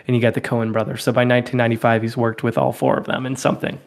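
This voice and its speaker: A man's voice: medium pitch, rapid-fire, vocal fry. A man hosting a podcast, chatting casually about movies and laughing often. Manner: animated, laughs often, slips into playful impressions. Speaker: podcast host. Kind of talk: casual film-discussion chat.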